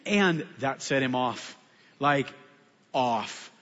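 A man, a pastor, telling a story in a sermon with animated, self-mocking humor. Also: mid-range voice, extremely slow. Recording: muffled sound with long hall reverb.

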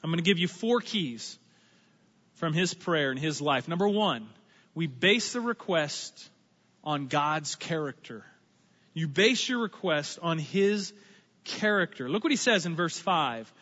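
High-voiced bright male pastor preaching. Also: measured pace. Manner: conversational, animated preaching with asides and impressions. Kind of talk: sermon. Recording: muffled sound with long hall reverb.

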